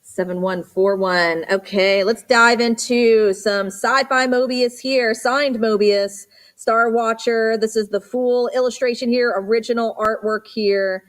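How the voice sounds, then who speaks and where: A woman working as an auctioneer at a live auction, rattling off repeated bid calls and slowing down to describe each lot. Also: fairly high pitch, fairly even intonation. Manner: rapid repetitive bid calls mixed with slower item descriptions. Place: auction studio for a livestream.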